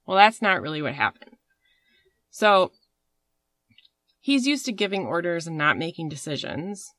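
A woman's voice: on the low side, sing-song, unhurried, fairly bright tone, no room sound. A woman hosting a podcast, telling a story in a rambling, casual way with fillers and swearing. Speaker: podcast host.

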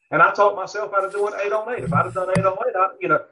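Racing along with few pauses, this high-voiced man keeps a steady tone that comes across pushed and bright. He's a barbecue podcast guest spinning a meandering, filler-heavy story full of asides during a relaxed interview, captured in dull lo-fi audio.

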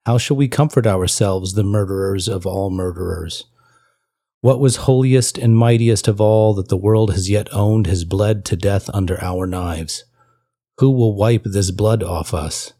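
Frantic prophet-like madman with a low, dark, husky voice, read by a man. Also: a little slow. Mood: anguished. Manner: solemn, declaiming, rhetorical questions. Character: frantic man proclaiming God is dead.

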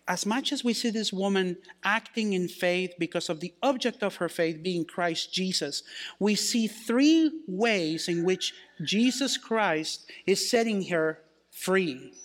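A man with a high voice preaching a sermon as pastor. He quotes scripture and slows down to put weight on key phrases.

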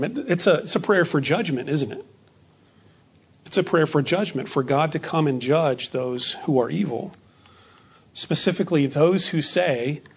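Male pastor, husky upper-register voice, chatty midweek Bible study teacher. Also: fairly high pitch. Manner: conversational, asks rhetorical questions, repeats phrases.

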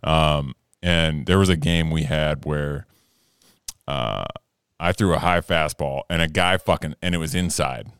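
A young man co-hosting a podcast, chatting casually and telling stories, animated and swearing freely, shouting when he acts out his anger. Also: very deep voice, a little slow, smooth, no room sound, clean studio sound. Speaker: podcast co-host. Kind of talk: casual chat, storytelling.

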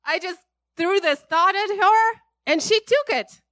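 A gloating male devil, giddy that his scheme is working, as a woman preacher puts him on. The voice jumps up high and loud, crowing with excitement. The recording is close and dry. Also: a little slow, dry recording.

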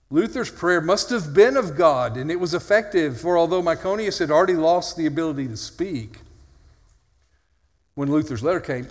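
A male pastor preaching an earnest, conversational sermon with dry, self-mocking humor. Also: on the high side. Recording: long hall reverb.

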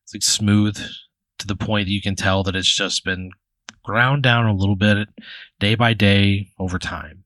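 A man's voice: fairly low pitch, fairly even intonation, normal speed, a bit bright, dry recording. A man narrating an improvised tabletop game as game master, casual and filler-heavy. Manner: casual, full of "like" and "you know".

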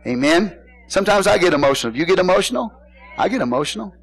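Pastor, middle-aged man, slightly high voice; folksy sermon with call-and-response and shouted emphasis. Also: animated, fast, slightly rough, poor audio. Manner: preaches with call-and-response questions to the congregation; casual folksy phrasing, bursts into shouted emphasis.

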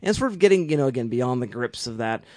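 A man's voice: medium pitch, animated, quick pace, darkish tone, dry recording, studio quality. A man chatting casually as a podcast co-host, talking enthusiastically in long rambling runs full of restarts. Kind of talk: casual chat.

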